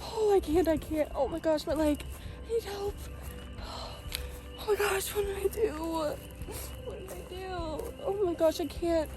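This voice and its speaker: A young woman acting as a teenage girl in a short skit film, with a bright, high voice. She keeps up a running commentary to herself out loud. Music plays underneath. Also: moderate pace, hardly any pauses. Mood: panicked, hurting. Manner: chatty, talks to herself out loud. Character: teenage girl secretly driving her mom's car.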